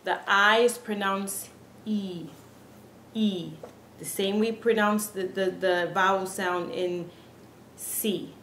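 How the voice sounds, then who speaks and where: A woman giving a casual pronunciation lesson, speaking earnestly and slowly repeating each sound to demonstrate it. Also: mid-range voice, little pitch movement, fairly bright tone. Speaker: Spanish pronunciation teacher. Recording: echoey room with faint background hiss.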